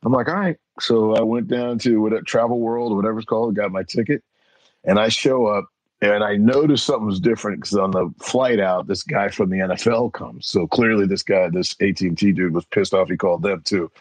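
Deep husky man telling stories. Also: fairly quick, no room sound, rough recording. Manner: animated, acts out voices in anecdotes. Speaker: guest. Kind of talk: casual storytelling.

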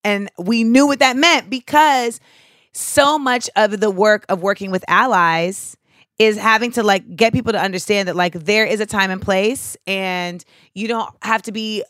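A woman's voice: medium pitch, measured pace, no room sound, studio quality. A young adult woman hosting a casual chat, talking bluntly and animatedly with lots of "like.". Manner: blunt, animated, says "like" a lot. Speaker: podcast host.

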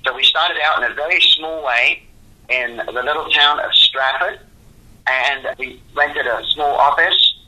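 A man's voice: fairly high pitch, a little slow, bright, forceful tone, low-quality recording. An older man, the founder of a religious museum ministry, answering interview questions in an earnest, devout and rambling way.

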